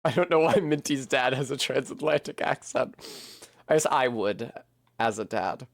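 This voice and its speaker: A man's voice: medium pitch, animated, normal speed, gravelly, no echo, clean studio sound. A man rambling casually and poking fun at himself while streaming a video game, swearing now and then. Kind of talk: casual commentary while playing.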